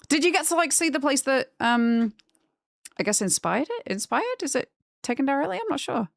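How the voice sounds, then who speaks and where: A young woman chatting casually on a live stream, rambling and gushing when excited. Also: high-pitched, normal speed, creaky, dry recording, studio quality.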